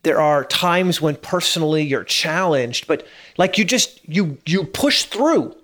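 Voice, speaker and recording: A man's voice: a little high, expressive, measured pace, a bit bright. A man in his late thirties giving a casual motivational monologue, earnest and prone to stammering and repeating words as he gets worked up. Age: 30s. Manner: laughs at himself now and then.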